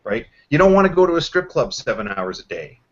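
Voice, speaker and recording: A man's voice: on the high side, big pitch swings. A man hosting a casual online chat, rambling with lots of restarts. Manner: rambling, many fillers and restarts, quick. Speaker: host. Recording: dull lo-fi voice call.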